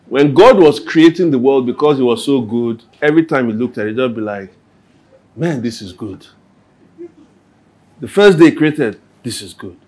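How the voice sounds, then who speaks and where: A man's voice: medium pitch, a little mellow. A man answering questions at a church Q&A, talking conversationally and acting out everyday scenes. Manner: conversational, acts out everyday scenes with little quoted voices. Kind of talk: Q&A talk.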